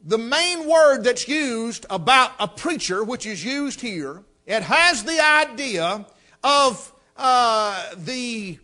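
A man's voice: very high voice, animated, slow pace, pushed and bright. A man preaching a sermon, telling folksy stories and rising to emphatic exhortation.

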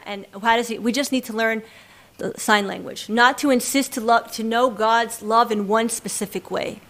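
Woman Torah teacher, somewhat high voice, religious class talk, acts out quoted lines as she tells stories. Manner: expressive storyteller who acts out quoted lines.

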